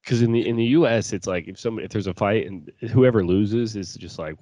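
A man's voice: fairly low pitch, a little fast, few pauses, dark tone, no room sound. A man co-hosting a casual podcast, laughing often, swearing and restarting his sentences. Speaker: podcast co-host. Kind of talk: casual crude chat.

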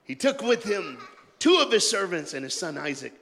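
A man preaching a sermon in a loose call-and-response style, joking in colloquial asides and swinging between shouted rallying lines and hushed, quiet talk. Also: high voice, big pitch swings, normal speed. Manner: jokey, colloquial and emphatic. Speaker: pastor. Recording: long hall reverb.

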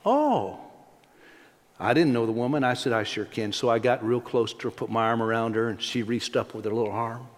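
A man's voice: medium pitch, level tone, fast, few pauses. A middle-aged male pastor preaching a sermon, telling stories in a folksy way and often repeating words as he restarts. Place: church sanctuary. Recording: long hall reverb.

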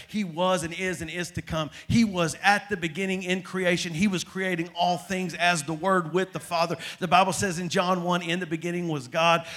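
High-voiced male preacher, dramatic. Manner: dramatic, swings from soft to loud. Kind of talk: sermon.

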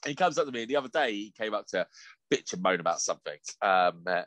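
Guy in his late 30s ranting on a podcast, sweary and lively, pitch all over the place, dry close sound. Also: fast talker, no echo. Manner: sweary, animated storytelling with laughs. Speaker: podcast co-host. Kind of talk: casual chat.

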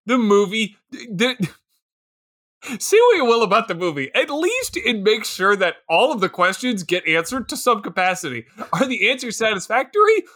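Man, high bright voice, animated, podcast co-host riffing on a movie. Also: normal speed. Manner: animated, laughing, jumps into mocking voices. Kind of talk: casual movie recap chat.

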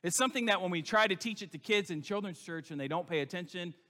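A man's voice: high-pitched, quick pace, pushed and bright, long reverb tail. A male pastor preaching a sermon in an emphatic, conversational way, full of rhetorical questions.

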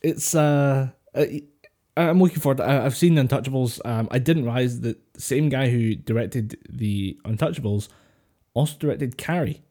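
A man's voice: mid-range voice, moderate pace, mellow. Laughing, swearing podcast guy. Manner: rambling, laughs often, swears casually. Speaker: podcast co-host. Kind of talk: casual chat over voice call. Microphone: voice call headset or desk mic.

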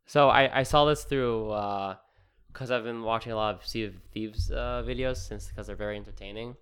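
Rambling young man, smooth low voice. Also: a bit bright. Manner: rambling, halting with many restarts and laughs. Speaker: podcast co-host. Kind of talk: casual podcast chat.

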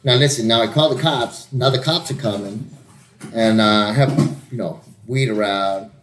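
A man telling a rowdy story in casual chat, swearing constantly and jumping into louder, higher voices to act out what people said. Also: normal speed. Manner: profane, animated, acts out quotes in raised voices.

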